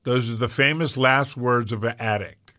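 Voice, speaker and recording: A man's voice: medium pitch, normal speed. A man in his sixties hosting a Christian talk show, telling stories with animation and frequent laughter. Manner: animated storyteller, laughs often. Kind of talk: faith-based conversation.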